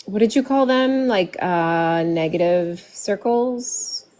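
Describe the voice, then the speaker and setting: A woman's voice: medium pitch, lively intonation, slow, darkish tone. A woman co-hosting a casual painting livestream, easygoing, asking questions and reading out comments. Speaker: co-host painting along.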